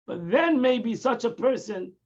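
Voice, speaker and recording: A man's voice: extremely high pitch, expressive, measured pace, muffled recording. A man teaching a daily Tanya lesson, explaining patiently, repeating and restarting phrases and mixing in Hebrew terms. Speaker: Torah teacher.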